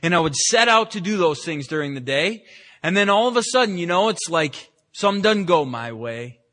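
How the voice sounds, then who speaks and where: A man's voice: sits high, lively intonation, a little fast, a bit bright. A man giving a candid, self-mocking personal recovery talk at a meeting, telling his story with many restarts. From San Francisco, California. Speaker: AA meeting speaker. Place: meeting room.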